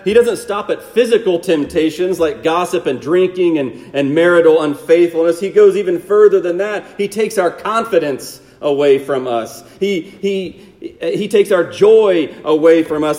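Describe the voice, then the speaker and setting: A man preaching a sermon, asking rhetorical tag questions and dropping to a hushed low voice for emphasis. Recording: long hall reverb.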